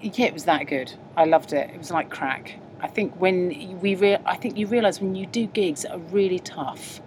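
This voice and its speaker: A woman's voice: on the low side, moderate pace, a little mellow. A young woman comedian chatting casually as co-host, self-mocking and laughing often, recorded on a moving train at night. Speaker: podcast co-host and stand-up comedian. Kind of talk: casual chat. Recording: background train noise.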